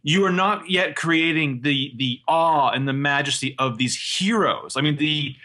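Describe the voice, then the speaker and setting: A man's voice: a little high, unhurried, bright, forceful tone. A man in casual podcast chat, talking in a sarcastic, profane way.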